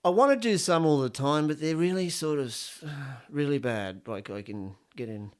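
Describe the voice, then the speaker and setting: A man's voice: a little high, normal speed, a little mellow, clear, resonant tone. Crude, rambling Australian man. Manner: crude, swearing, rambling joke-telling. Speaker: podcast host. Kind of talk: casual solo podcast monologue.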